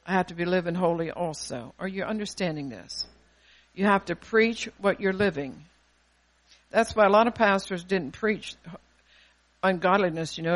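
Older preacher giving a bold sermon, quotes verses, keeps asking "are you listening" type questions, mid pitch. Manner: emphatic, scripture-quoting, rhetorical questions.

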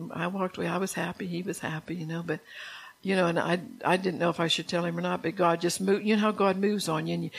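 A woman's voice: lowish voice, creaky, breathy edge. An older woman leading an informal Bible study, telling personal stories and asking the group questions. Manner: chatty, testimonial, asks the group questions.

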